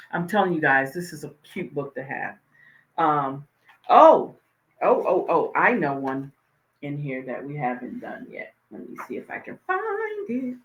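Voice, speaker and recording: A woman life coach hosts her own talk show, chatting loosely and thinking aloud as she goes. Her voice sits fairly low, and she takes her time, easing into a calm, soothing rhythm when she reads reflective passages. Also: lo-fi sound, slight background noise. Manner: slow, soothing cadence in the repeated lines. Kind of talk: casual talk with a reflective reading.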